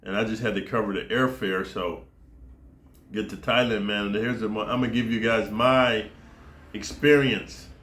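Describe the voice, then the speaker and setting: Brief: American male vlogger, lowish voice, loose profane rambling, roomy echo. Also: steady tone, moderate pace, a bit bright. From United States. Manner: rambling, profane, peppers speech with dude and man. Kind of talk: casual to-camera monologue.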